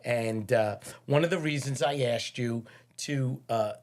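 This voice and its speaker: A man's voice: medium pitch, a little slow, a little mellow. A middle-aged man hosts a podcast, chatting casually and repeating words while he finds his thought. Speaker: podcast host, architect. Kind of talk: casual interview conversation.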